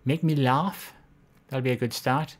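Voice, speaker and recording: A woman's voice: rumbling low, steady tone, unhurried. A woman hosting a casual live-stream Q&A, talking in a hesitant, rambling, self-deprecating way.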